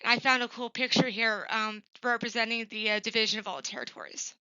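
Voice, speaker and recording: A woman's voice: on the high side, steady tone, fairly quick, pushed and bright, smooth, no room sound, highs cut off. A woman giving a recorded class presentation for her professor. She talks plainly and earnestly, with frequent ums and uhs. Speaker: student presenting an assignment.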